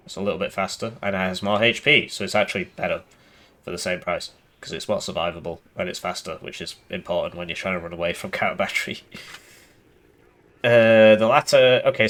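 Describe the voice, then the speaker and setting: A man giving casual game commentary, sarcastic and rambling in a deadpan way. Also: deep voice. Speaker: gaming YouTuber.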